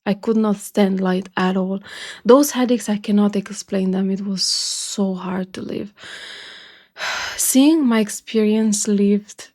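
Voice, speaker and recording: A woman's voice: mid-range voice, slow, a little mellow. A woman from Romania hosting a music reaction video, talking earnestly and emotionally and repeating phrases for emphasis. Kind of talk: casual reaction commentary.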